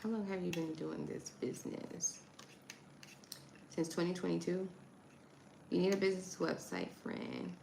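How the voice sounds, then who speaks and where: A woman's voice: on the low side, animated, measured pace, vocal fry, long pauses, a little mellow, reverberant, a little hiss or hum, poor audio. A woman hosting a livestream, chatting casually with her viewers and reading text aloud. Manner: chatty, talks to chat, reads text aloud. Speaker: livestream host.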